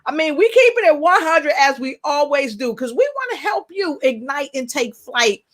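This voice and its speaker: Lively woman hosting a live talk show. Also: high voice, moderate pace. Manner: lively, playful, addresses viewers directly. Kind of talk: live online interview show.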